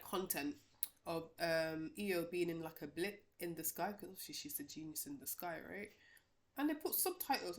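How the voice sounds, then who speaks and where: A woman vlogger giving casual, opinionated wrestling predictions, rambling with many restarts and fillers. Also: fairly low pitch.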